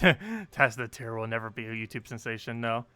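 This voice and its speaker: A man's voice: mid-range voice, expressive, brisk, bright, forceful tone, smooth, dry recording, faint music behind. A young man chatting casually on a game live stream, reading chat and laughing often.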